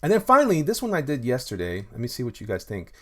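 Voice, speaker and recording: A man's voice: mid-range voice, very animated, fast, dark tone. A man who makes comics chatting casually on a live stream, rambling with many restarts while he shows his artwork and reads viewer comments. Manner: rambling, many restarts and fillers, loose and friendly. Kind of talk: casual livestream chat reading viewer comments.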